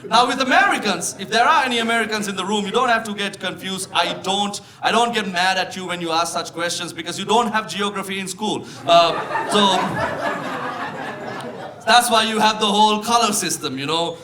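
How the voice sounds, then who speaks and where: A young man with a Sri Lankan accent performing live stand-up comedy, telling animated stories and punching up the lines loudly. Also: high voice, moderate pace. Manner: animated storytelling, shifting into loud exclaiming punchlines. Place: comedy club stage with live audience. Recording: live show with crowd laughter. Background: audience laughing.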